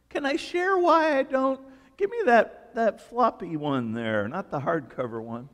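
High, lively preaching man. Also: a little slow. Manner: animated, joking storytelling. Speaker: pastor. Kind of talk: sermon. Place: church sanctuary. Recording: reverberant church hall.

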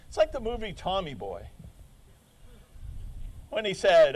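A man preaching a sermon in a casual, animated way, joking and acting out quotes with sudden loud shouts. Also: a little high, normal speed, pauses often, slight background noise. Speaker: pastor.

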